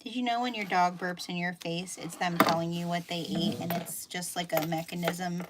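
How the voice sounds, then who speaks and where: A middle-aged woman with a Pennsylvania Dutch accent, chatting as she sews through a live tutorial and thinks out loud about each step. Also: fairly low pitch, fairly even intonation, moderate pace. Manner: chatty, thinking aloud while sewing. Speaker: sewing instructor. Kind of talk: live sew-along tutorial. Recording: noisy room with machine clicks.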